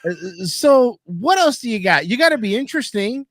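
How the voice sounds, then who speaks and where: Animated, mocking male podcast host. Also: very high-pitched, normal speed, no room sound, studio quality. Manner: animated, mocking, swears a lot. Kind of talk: casual chat.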